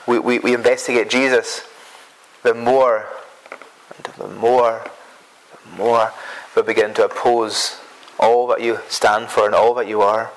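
Male preacher, earnest sermon delivery, repetitive and halting, mid-pitched voice. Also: fairly bright tone, rough recording. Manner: earnest, repetitive, stumbles on words.

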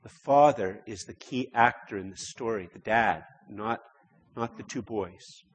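Speaking a little slowly, a man delivers a sermon in church with a slightly low, faintly husky voice. His conversational style involves repeated words that build into emphatic passages, and a long hall reverb fills the sound.

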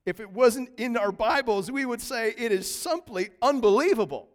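A man preaching a lively, conversational sermon in a church, swinging from quiet asides to loud bursts. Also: very high voice, normal speed. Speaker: pastor. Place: church sanctuary. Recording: long reverb of a large hall.

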